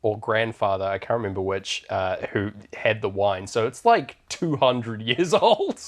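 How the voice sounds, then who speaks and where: A relaxed man co-hosts a podcast, retelling a film's plot in loose, slangy chat. His voice rises and falls a lot, and he laughs easily as he talks. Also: fairly low pitch, measured pace. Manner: laid-back, slangy, laughs often. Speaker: podcast co-host. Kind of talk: casual chat recapping a film.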